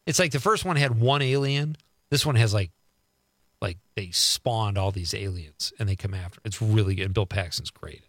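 A man's voice: on the low side, moderate pace, a bit bright, no room sound. A middle-aged man hosting a radio show, chatting casually as he reads listener texts aloud and riffs on each one.

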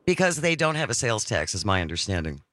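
A woman's voice: a bass voice, big pitch swings, fast, fairly bright tone. A woman hosting a call-in radio show, reading listener texts aloud and taking callers. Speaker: radio talk show host. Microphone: studio microphone.

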